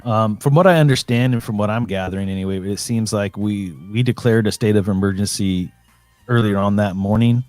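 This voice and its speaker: Earnest low-voiced man rambling on a call. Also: brisk, a little mellow, dry recording, soft background music. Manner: rambling and earnest, full of fillers and restarts. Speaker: guest. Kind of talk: casual call-in chat. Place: at home.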